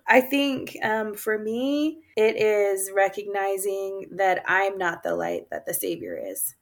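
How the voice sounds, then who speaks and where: A woman's voice: mid-range voice, animated, takes it slowly. A woman guest on an interview show, telling personal stories in an earnest, casual way, with many fillers and laughs. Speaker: guest author.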